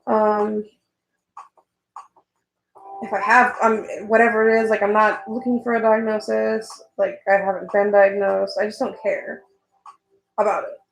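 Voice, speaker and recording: Young woman talking while drawing, super creaky voice, rambly and a bit heated, roomy sound. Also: medium pitch, level tone, unhurried, pauses often, faint music behind. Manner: rambling, swears casually, gets heated. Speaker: artist vlogger. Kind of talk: casual chat while drawing.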